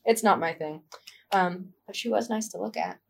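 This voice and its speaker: A woman's voice: mid-range voice, normal speed, gravelly. A woman co-hosting a podcast, frankly telling a personal story in casual chat, acting out quoted lines. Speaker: podcast co-host.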